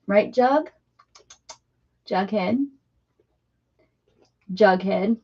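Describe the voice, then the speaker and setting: A woman with a mid-range, darkish voice draws out her words as she crafts on a livestream from her home craft room. She chats casually, greeting viewers by name and speaking to her pets, and the sound is dull and lo-fi.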